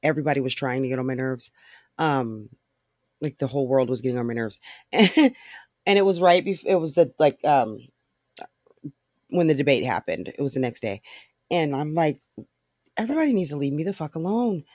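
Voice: medium pitch, expressive, darkish tone, no echo, studio quality. A podcast host ranting alone in blunt, profane, frustrated talk full of fillers. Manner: fast talker. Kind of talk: casual solo rant.

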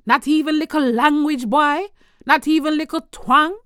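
A woman's voice: high-pitched, steady tone, moderate pace, fairly bright tone, no echo, clean studio sound, pitched above the performer's own voice. A woman voicing a disappointed Jamaican mother who scolds her son, with a Jamaican accent, reproachful and drawn out. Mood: scolding.

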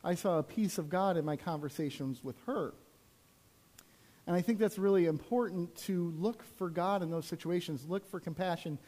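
A man's voice: high voice, moderate pace, mellow. A man preaching a sermon as a pastor, telling personal stories in a conversational way with frequent asides to the congregation.

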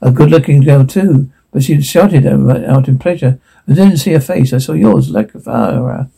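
A lovesick young Viking warrior with a gravelly, husky edge to his low, intimate words, read out by a man. The voice sits dark and mellow. He brings it fairly plainly. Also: moderate pace, low-quality recording. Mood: longing.

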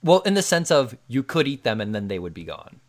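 Man, mid-pitched voice, casual podcast banter, filler-heavy, reads answers aloud. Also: big pitch swings, a little fast. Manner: filler-heavy, laughs often. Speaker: podcast co-host. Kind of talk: casual chat.

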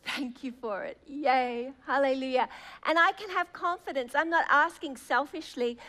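A woman, preaching a fervent sermon, slowing and stretching words for emphasis as she acts out prayers. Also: sits high, bright, forceful tone.

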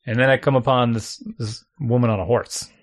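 A man casually telling a long story, animated, acting out his own thoughts and chuckling often. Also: medium pitch, a little fast. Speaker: storyteller guest.

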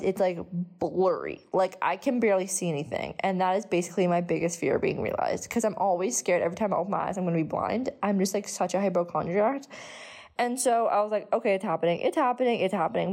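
A woman's voice: mid-range voice, darkish tone. A young woman telling a casual storytime vlog, chatty, with frequent swearing and many fillers. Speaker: vlogger.

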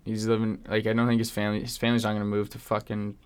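A man's voice: fairly low pitch, monotone, rapid-fire, smooth. A man co-hosting a casual podcast, laid-back and joking, with lots of slang. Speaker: podcast co-host. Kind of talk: casual chat.

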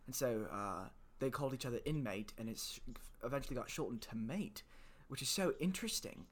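Man, American accent, comedy podcast co-host, rambling, filler-heavy, self-deprecating, mid pitch. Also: lively intonation, brisk. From United States. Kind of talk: casual comedy podcast chat. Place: bedroom.

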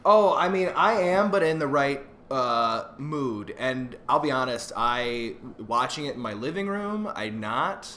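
A man's voice: medium pitch, unhurried, hardly any pauses, bright, forceful tone, a little hiss or hum. A young man co-hosting a casual podcast, rambling and joking with restarts. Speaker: podcast co-host.

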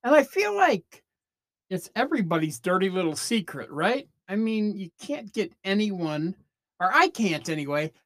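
A man in his fifties from Northern Illinois, USA, hosts a podcast in a high, sing-song, slightly bright voice at normal speed. The recording is dry and studio quality. His casual monologue meanders, with easy swearing.

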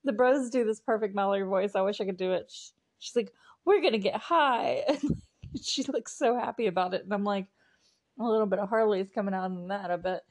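A woman's voice: mid-range voice, fairly even intonation, quick pace, a little mellow. A young woman hosting a podcast, recapping an episode in a casual, chatty way with lots of giggles and fillers. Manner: chatty, giggly, full of "like" and "you know". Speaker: podcast host.

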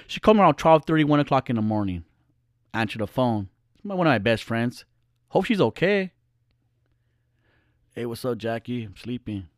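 A man's voice: mid-range voice, dry recording, clean studio sound. A middle-aged man telling a personal story casually, blunt and profane, acting out the voices.

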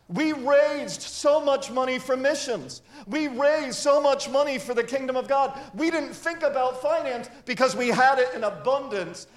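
High-voiced man preaching earnestly. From grew up in a church with many missions givers. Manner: earnest, conversational preaching with personal stories. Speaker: pastor. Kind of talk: sermon.

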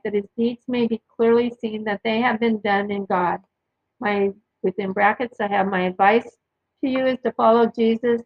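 A woman with a somewhat high voice reads Bible passages aloud for her podcast. She stops now and then to explain who is speaking or to cite chapter and verse. The recording sounds dull and lo-fi. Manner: reads verses aloud, adds asides and references. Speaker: podcast host reading scripture. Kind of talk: casual Bible reading with commentary.

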